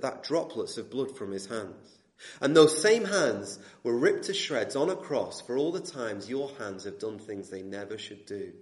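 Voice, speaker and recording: A preacher man delivering a sermon with a lively, sweeping pitch. His voice rises to ringing emphasis and drops to a near hush. The church room around him is echoey. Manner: swings between loud emphatic preaching and hushed intensity.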